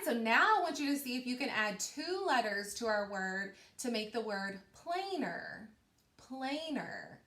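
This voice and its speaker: A woman teacher giving a patient, encouraging phonics lesson to young children, speaking clearly and slowly. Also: on the high side, fairly bright tone. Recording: echoey room.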